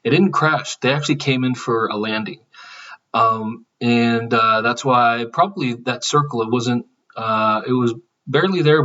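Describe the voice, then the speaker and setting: A man's voice: mid-range voice, fairly bright tone, recorded from a distance, highs cut off. A man talking casually to his channel, rambling with many fillers and restarts. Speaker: channel host. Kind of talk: casual spiritual vlog monologue.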